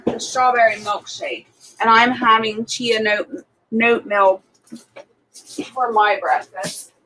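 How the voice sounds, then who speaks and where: On poor audio, a woman with a slightly high, somewhat bright voice streams live cooking from her home kitchen. She is a chatty storyteller who talks casually with viewers, leans heavily on fillers, and laughs frequently.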